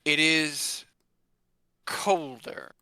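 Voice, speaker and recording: Game master, male, unhurried scene narration, bright forceful tone. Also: on the high side, fairly even intonation. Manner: slow, deliberate narration.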